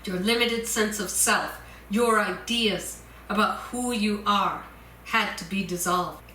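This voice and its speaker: A woman minister delivering a sermon in a church, slow and deliberate, repeating her key points. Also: medium pitch, bright, forceful tone, a little hiss or hum. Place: church sanctuary. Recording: roomy church echo.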